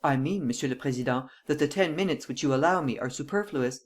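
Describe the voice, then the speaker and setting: A reader voicing a calm, self-assured male chief detective in an audiobook. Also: medium pitch, lightly acted. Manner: calm, measured. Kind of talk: audiobook reading.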